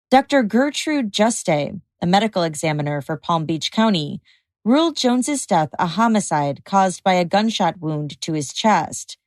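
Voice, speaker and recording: A woman hosting a podcast, reading a scripted true-crime narration in a measured, even way. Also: fairly low pitch, no echo. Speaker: podcast host.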